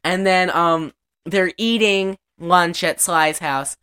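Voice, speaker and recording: A woman's voice: fairly low pitch, slow pace, a bit bright, clear, resonant tone. A young woman in casual podcast chat, recapping a movie in a rambling way with lots of "like" fillers and acted-out lines. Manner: rambling, many "like" fillers, acts out lines from the film. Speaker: podcast co-host.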